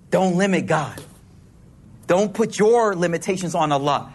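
A man's voice: high-pitched, very animated, unhurried, slightly rough. A man preaching a sermon to a congregation in a hall, talking in a casual, slangy way with playful asides.

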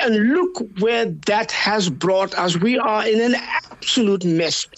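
A man's voice: high voice, no room sound, rough recording. An older South African man, a political leader, answering interview questions in an earnest, emphatic way. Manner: earnest, emphatic, speaks in long measured runs.

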